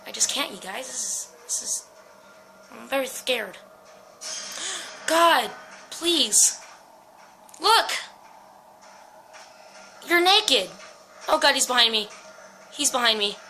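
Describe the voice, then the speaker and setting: A woman's voice: high voice, sharp tone, slight background noise, poor audio. A woman giving jumpy, swear-laden commentary while playing a horror game. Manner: jumpy, swearing, talks to herself. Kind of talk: let's-play commentary.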